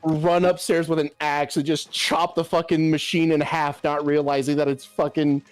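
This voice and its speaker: A man's voice: a little high, level tone, normal speed. A man streaming a game, casually chatting and retelling cartoon scenes with constant swearing.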